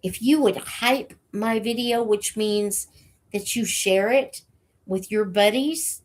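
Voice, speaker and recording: Woman host with a cold, breathless; slow, halting casual chat to camera viewers. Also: mid-range voice. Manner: slow, halting, with many fillers. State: has a cold, short of breath. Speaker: channel host reading books aloud for students.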